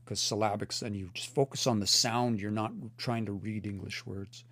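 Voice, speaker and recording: A man's voice: on the low side, fairly even intonation, normal speed, fairly bright tone, no echo. A man teaching a language on a livestream, reading out chat comments and explaining pronunciation in a thoughtful, earnest way with frequent restarts. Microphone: phone or computer mic for a livestream.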